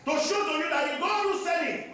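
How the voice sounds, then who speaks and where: A man's voice: extremely high pitch, a little fast, bright, forceful tone. A male pastor preaching a sermon with emphatic, repeated phrases in a church hall. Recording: echoey church hall from far off.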